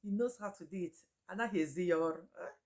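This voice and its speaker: A woman runs a relaxed language lesson in a fairly low voice. She says each word again and again at an unhurried pace and laughs often as she talks. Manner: chatty, repeats each name slowly, laughs often. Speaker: Igbo language teacher. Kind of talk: casual spoken lesson.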